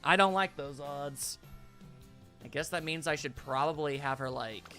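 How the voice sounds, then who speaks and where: Casual streamer, jokey sarcastic bursts, bright tone. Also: mid-range voice, normal speed, soft background music. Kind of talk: casual game let's play commentary.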